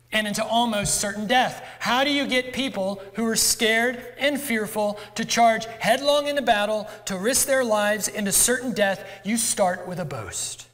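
In a church sanctuary, a male pastor preaches a sermon in a conversational, self-deprecating way. His voice is high and fairly bright, and the recording carries the long reverb of a church hall.

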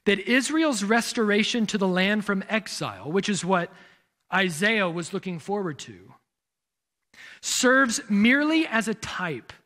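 A man's voice: high-pitched, animated, unhurried, bright, forceful tone. A man preaching a sermon as pastor, explaining scripture and asking rhetorical questions as he tells listeners where to turn in their Bibles. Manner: expository, poses rhetorical questions.

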